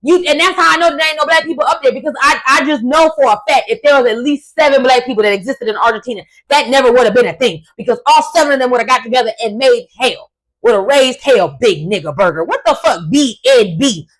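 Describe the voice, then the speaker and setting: A woman hosting a casual commentary vlog, ranting in an emphatic, profane and animated way. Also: high voice, fast, poor audio. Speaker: host.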